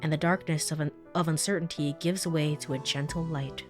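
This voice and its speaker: A woman reading a gentle young man's lines aloud in a calm, measured way. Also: low voice, soft background music, close to an everyday voice. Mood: tender. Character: young man narrating his own story, gentle. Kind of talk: reading game text aloud.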